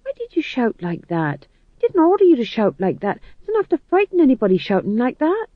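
A man's voice: very high voice, wildly swooping pitch, a little fast, no echo, narrow, tinny audio, pitched above the performer's own voice, heavily acted. A man voicing a fussy, polite young male king in an audiobook reading. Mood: plaintive. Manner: prim, plaintive. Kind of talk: audiobook narration.

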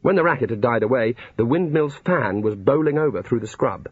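A man's voice: medium pitch, animated, fairly quick, breathy edge, dry recording. A man narrating a comic fantasy novel in a dry storytelling manner. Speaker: audiobook narrator. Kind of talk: scripted narration. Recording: dull lo-fi recording.

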